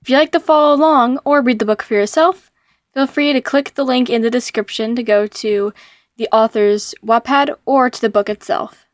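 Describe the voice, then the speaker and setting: A woman's voice: a little high, normal speed, no echo, studio quality. Woman reading a story aloud. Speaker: narrator reading a fan fiction.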